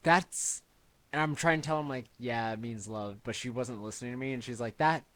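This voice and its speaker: A young man hosting a podcast, telling a story in a relaxed, casual way with quiet asides. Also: mid-range voice, a little fast, dry recording. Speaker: podcast host.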